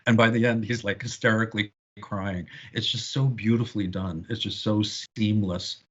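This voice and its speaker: A low-pitched man speaking as a guest expert on a podcast, telling stories with lively enthusiasm. His audio sounds dull and lo-fi, as if from a remote connection. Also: moderate pace. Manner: animated, knowledgeable storyteller. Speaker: guest film historian. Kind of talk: casual podcast discussion.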